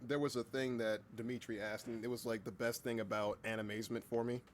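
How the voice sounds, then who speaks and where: A young man chatting on a casual livestream, telling an excitable story with halting restarts and the odd swear word. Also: medium pitch, a little hiss or hum. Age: young adult. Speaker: streamer and voice actor.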